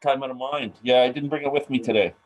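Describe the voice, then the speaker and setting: A man's voice: medium pitch, steady tone, fast talker, poor audio. A man co-hosting a casual music chat, chiming in with short, agreeable remarks. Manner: brief, agreeable interjections. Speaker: co-host.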